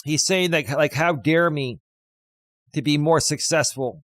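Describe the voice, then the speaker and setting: Guy ranting on his livestream, kinda high voice, taunting, says stuff over and over, dry close sound. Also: measured pace, dry recording. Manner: combative, taunting, repeats himself for emphasis. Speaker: livestream host. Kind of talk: confrontational livestream rant.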